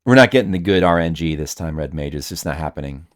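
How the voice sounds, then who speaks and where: A man's voice: very deep voice, animated, fast talker. A man streaming a game, rambling casually to his chat and now and then putting on a mock rage. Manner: rambling, chats with viewers, bursts into mock rage.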